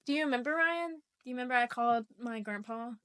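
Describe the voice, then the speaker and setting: A young woman hosting a podcast, telling a personal story in casual chat, animated and swearing freely, often laughing mid-sentence. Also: on the high side, fast, clean tone. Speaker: podcast host.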